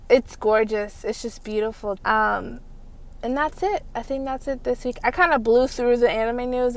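Chatty higher-voiced woman podcaster. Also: creaky, clear, resonant tone. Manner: chatty, rambling and enthusiastic. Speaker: podcast host. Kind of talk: casual anime news roundup.

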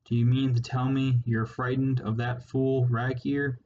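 Man doing a mean one-eyed rat chief, short and bossy, slow and flat delivery. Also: mid-range voice, lightly acted. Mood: irritable, commanding. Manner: curt, barking orders. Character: menacing male rat warlord, one-eyed and irritable. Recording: slightly muffled with faint hiss.

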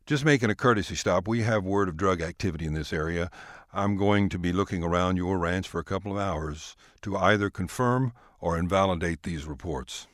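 Man playing a bossy, self-important young federal agent, clipped and stern, low voice. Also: a little fast, a bit bright, no room sound, studio quality. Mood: officious.

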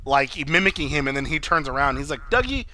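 Casual male co-host, bright, forceful voice, profane and rambling recaps, faint background noise. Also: mid-range voice, steady tone, fast talker. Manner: rambling, profane, laughs often, acts out scenes. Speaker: podcast co-host. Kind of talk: casual chat recapping a TV episode.

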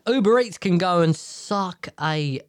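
A man's voice: high voice, dry recording, clean studio sound. A man hosting a solo podcast from a table at home, rambling in casual chat, swearing freely and often restarting his sentences. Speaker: podcast host.

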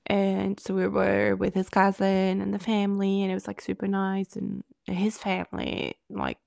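A woman's voice: medium pitch, normal speed, vocal fry, dry recording. A woman co-hosting a podcast, telling a story in casual chat and acting out what people said. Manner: animated storytelling, acting out quotes. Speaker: podcast co-host.

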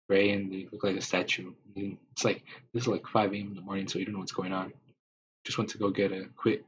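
A man with a low, flat voice improvises a rambling tale in the second person, full of fillers. The recording is dull and lo-fi, with a faint hiss under it. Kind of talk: improvised spoken story.

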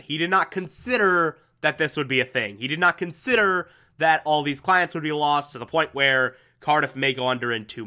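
Bright-voiced man recapping an episode. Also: fairly high pitch. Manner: animated, laughs often, swears casually. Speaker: TV episode reviewer. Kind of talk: casual recap with acted-out quotes.

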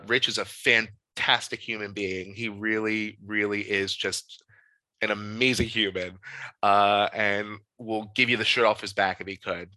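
A young man, a podcast guest, telling a candid, animated story in casual conversation with frequent fillers. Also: on the low side, dry recording, poor audio.

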